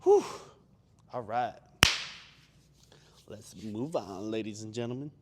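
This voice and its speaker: A man's voice: on the low side, lively intonation, slow, heavy background noise. Young man, gym vlogger, rambling, filler-heavy, self-deprecating, casual chat.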